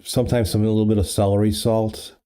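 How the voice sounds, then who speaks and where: Low, dark-voiced man chatting casually. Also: little pitch movement, quick pace, smooth. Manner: rambling, with many fillers and restarts. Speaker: livestream host. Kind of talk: casual livestream chat. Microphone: studio microphone.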